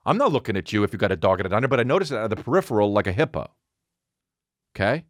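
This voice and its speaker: A man hosting a podcast, telling a comic story as a profane, animated rant that keeps interrupting itself. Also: fairly low pitch, racing, no echo, clean studio sound. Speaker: podcast host. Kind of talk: comedic storytelling monologue.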